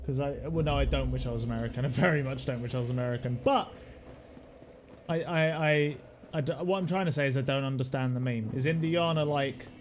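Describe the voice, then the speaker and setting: A young British man streaming a game, rambling casually, swearing freely, laughing often and shouting at the game now and then. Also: medium pitch, fairly quick, slight background noise. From United Kingdom. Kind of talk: casual live-stream chat while gaming.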